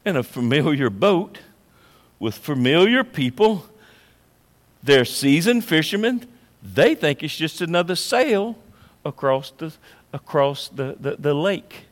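Male preacher, high voice, slow emphatic delivery, long church reverb. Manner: dramatic swings from hushed to loud and high. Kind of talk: sermon.

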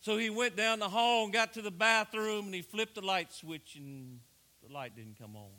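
Pastor, male, middle-aged; earnest sermon delivery, hushed then rising; bright tone. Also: high-pitched, normal speed. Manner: earnest preaching, swings between hushed and raised.

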